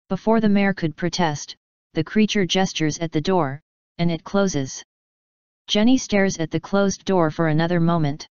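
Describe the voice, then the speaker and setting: A woman narrates a story in a calm, even reading voice. Her voice is lowish and very clear. The recording is dry and a bit dull. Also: moderate pace, dry recording. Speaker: fanfiction reader.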